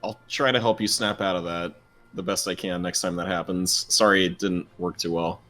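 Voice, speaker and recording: Low-voiced man playing a bard. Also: fairly even intonation, normal speed, pushed and bright, faint music behind. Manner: hesitant, laughs often. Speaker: player. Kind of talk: casual in-character play.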